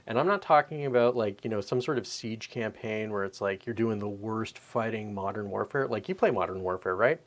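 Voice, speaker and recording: A man in his thirties hosting a podcast, ranting in a profane, animated, rambling way. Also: on the low side, brisk. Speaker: podcast host. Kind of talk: casual opinion rant.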